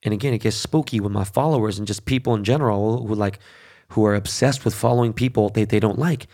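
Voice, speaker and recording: A man's voice: fairly low pitch, fast talker, mellow. A middle-aged man hosting a show, ranting in a heated, profane casual monologue full of fillers and restarts. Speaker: show host.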